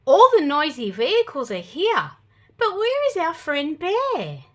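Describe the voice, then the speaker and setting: A woman's voice: sits high, a little slow. A woman with an Australian accent reading children's picture books aloud, gasping and making playful sound effects. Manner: animated, gasps and sound effects for kids. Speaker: children's storyteller.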